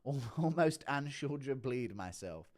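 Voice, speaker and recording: A man's voice: mid-range voice, lively intonation, measured pace, darkish tone, natural voice. A man impersonating a rambling male fighter who keeps talking over interruptions. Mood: earnest rambling.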